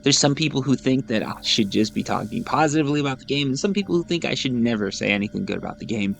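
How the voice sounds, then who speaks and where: A man's voice: medium pitch, animated, fast talker, creaky, soft background music. A man in his thirties hosting a gaming channel, chatting casually over gameplay in a rambling, self-deprecating way and often repeating his words. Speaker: gaming YouTuber host.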